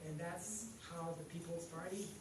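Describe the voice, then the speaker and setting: A man's voice: a little high, steady tone, moderate pace. A man hosting a political event, introducing the guest with earnest, repetitive emphasis. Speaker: event host introducing the speaker. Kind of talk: rally introduction. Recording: echoey hall, distant mic, faint noise.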